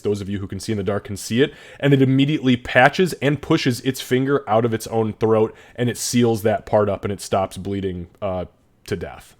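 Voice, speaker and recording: A man running a tabletop game as game master, casual, swearing and laughing often. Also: mid-range voice.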